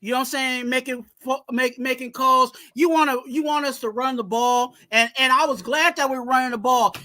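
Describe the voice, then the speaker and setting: A man co-hosting a fan podcast, ranting heatedly and shouting about his team's coaching. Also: very high-pitched, fairly even intonation, moderate pace, hardly any pauses. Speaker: podcast co-host. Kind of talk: heated sports fan rant.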